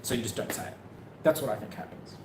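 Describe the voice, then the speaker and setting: A man's voice: medium pitch, fast talker. A man co-hosting a live travel chat, joking and self-mocking, wandering off into rambling asides. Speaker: co-host of a travel livestream. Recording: echoey room with faint background noise.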